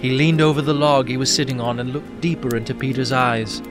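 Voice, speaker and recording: A man's voice: medium pitch, steady tone, a little fast. Earnest male storyteller over music. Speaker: narrator. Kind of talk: scripted Bible story narration.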